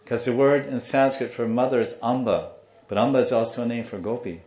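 A man's voice: medium pitch, brisk. A man giving a devotional talk as a spiritual teacher, telling stories and acting out the people in them. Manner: animated storyteller, acts out the people in his story. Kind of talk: devotional storytelling lecture. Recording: dull roomy recording.

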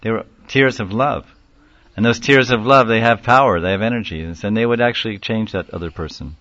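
A man with a fairly low voice gives a devotional class lecture. He tells stories animatedly and chuckles as he acts out little quotes. The recording is dull and dry. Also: brisk, a bit bright, no echo. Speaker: spiritual lecturer.

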